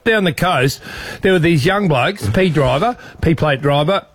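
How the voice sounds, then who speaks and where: A man with an Australian accent hosting breakfast radio, telling stories in excitable, jokey banter. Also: a little high, measured pace, loud music behind the voice.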